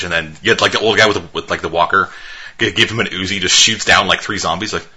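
A man's voice: low-pitched, fast, bright, forceful tone, slightly rough. A man co-hosting a movie podcast in casual chat, talking loosely with lots of swearing and filler words. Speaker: podcast co-host reviewing movies.

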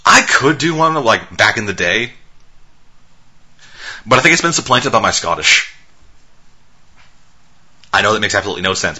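A man with a lowish, husky voice and a very bright, tense edge to it. He co-hosts a movie chat show and rambles casually, swearing freely and leaning on filler words. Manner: loose, profane, heavy on filler words. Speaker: podcast co-host reviewing movies.

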